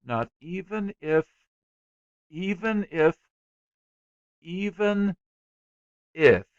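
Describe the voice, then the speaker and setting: A man's voice: mid-range voice, sing-song, a little slow, vocal fry, no room sound, highs cut off, voice pushed up, full character voice. A man voicing a sulky, bored schoolboy who pleads and complains emphatically in an audiobook. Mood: sulky pleading.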